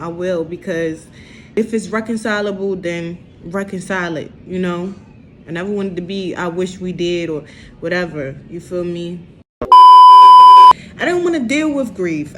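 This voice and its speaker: A young woman, speaking slowly and haltingly in an emotional confessional vlog. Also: lowish voice, a little mellow, a little hiss or hum. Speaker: vlogger.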